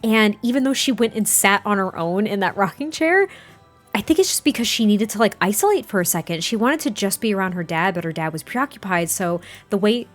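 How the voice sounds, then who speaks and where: A woman hosting a let's play, chatting excitedly and getting exasperated at her game. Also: medium pitch, faint music behind. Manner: chatty, excitable, quick to exasperation, laughs often. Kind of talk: casual gameplay commentary.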